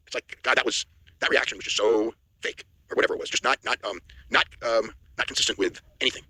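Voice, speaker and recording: Husky guy ranting fast about wrestling, bright voice, dry close mic. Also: mid-range voice, no room sound, rough recording. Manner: fast opinionated talk with restarts. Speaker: wrestling news co-host. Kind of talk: casual chat.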